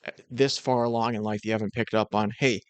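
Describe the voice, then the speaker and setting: A man's voice: lowish voice, steady tone, fast, no echo. A man giving dry, critical and sarcastic commentary over reaction clips. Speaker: commentary host.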